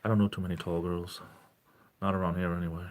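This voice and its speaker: A man in his forties chatting casually on a live stream in a gentle, caring tone, rambling and breaking off mid-sentence as he greets viewers. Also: low-pitched, level tone, fast, a little hiss or hum. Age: 40s. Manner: rambling, self-interrupting, greets chat viewers.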